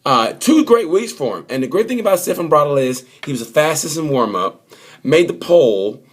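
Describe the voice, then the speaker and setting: A man's voice: fairly high pitch, sing-song, moderate pace, breathy edge. A man giving a casual, joking race review, rambling and acting out little quotes as he goes. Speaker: motorsport vlogger.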